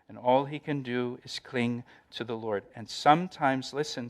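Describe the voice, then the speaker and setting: A middle-aged male pastor preaching a sermon, repeating phrases for emphasis and raising his voice in quoted lines. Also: on the high side.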